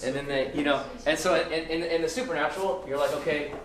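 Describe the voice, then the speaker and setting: A man's voice: fairly high pitch, fast talker, a bit bright. Casting: male ministry teacher, rambling talk full of restarts, heard from a distance in an echoey room with faint noise. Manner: rambling with many restarts and fillers, joking with the audience. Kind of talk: informal teaching to a live class.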